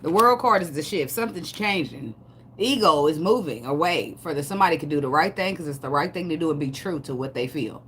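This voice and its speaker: A woman's voice: sits low, animated, fairly quick, a little hiss or hum. A woman giving a casual tarot reading, cursing, joking and laughing between cards. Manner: loud, laughing, profane, joking asides. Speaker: tarot reader.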